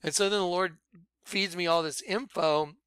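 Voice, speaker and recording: A man giving an excitable, rambling personal testimony about his ministry, bursting into shouts. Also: high-pitched, moderate pace, clean tone, dry recording. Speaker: ministry leader.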